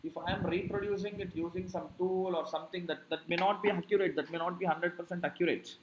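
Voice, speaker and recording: A man's voice: high voice, steady tone, quick pace, background noise. Lecturing man in an echoey classroom. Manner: explains with rhetorical questions, many "correct?" and "see". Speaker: digital marketing instructor.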